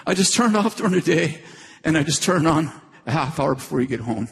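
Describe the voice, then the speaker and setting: A man voicing his gentle young wife in a sermon story, speaking softly and earnestly. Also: a little high, expressive, fast talker, creaky, a little hiss or hum. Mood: matter-of-fact.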